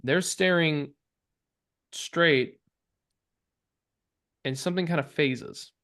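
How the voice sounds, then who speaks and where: Man, game master, tabletop narration, slow, halting, higher voice. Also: bright, forceful tone. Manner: halting, many fillers and restarts.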